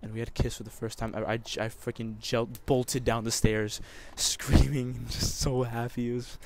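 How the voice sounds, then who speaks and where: A man's voice: mid-range voice, level tone, moderate pace, a little hiss or hum. A young man telling a personal story over gameplay commentary, emotional and rambling, with many restarts. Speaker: gamer.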